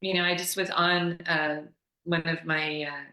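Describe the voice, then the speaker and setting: A woman who teaches yoga, explaining ideas in a casual call, animated and laughing often as she acts out quoted voices. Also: deep voice, unhurried, echoey room, low-quality recording.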